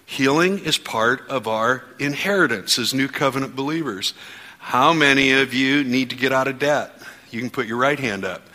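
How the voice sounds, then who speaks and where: A man's voice: medium pitch, normal speed, bright, forceful tone, big-room sound. A man preaching as pastor to his congregation, leading the room in fervent spoken declarations. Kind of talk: church sermon. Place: church sanctuary.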